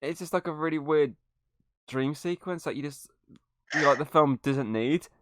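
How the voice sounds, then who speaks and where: A man's voice: a little high, normal speed, background noise. Young man, laughing podcast banter. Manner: swearing, laughing, animated retelling of scenes. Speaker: podcast host. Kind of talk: casual movie review chat.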